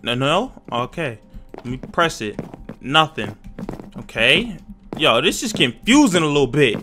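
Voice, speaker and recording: A young man giving jumpy, excitable, slang-filled commentary while playing a horror game and talking to his viewers. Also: fairly high pitch, measured pace, faint music behind. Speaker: gaming YouTuber.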